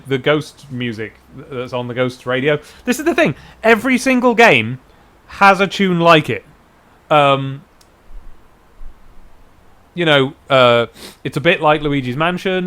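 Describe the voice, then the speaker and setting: Excitable chatty man gaming, lively pitch. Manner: chatty, hums and scats tunes, excitable outbursts. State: stuffy from hay fever. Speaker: streamer playing a game. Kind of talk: casual let's play commentary.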